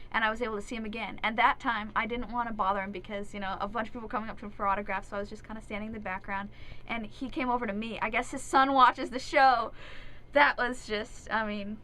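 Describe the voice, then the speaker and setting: A woman's voice: mid-range voice, pushed and bright, a little hiss or hum, poor audio. A young woman, an actress and singer, chatting earnestly and giggling as a guest in a radio studio interview. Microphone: studio microphone.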